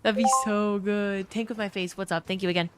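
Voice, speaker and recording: A woman's voice: mid-range voice, fairly even intonation, a little fast, very noisy. A young woman from Louisiana with a New Orleans accent, chatting casually with her stream chat and swearing freely. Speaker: gaming streamer.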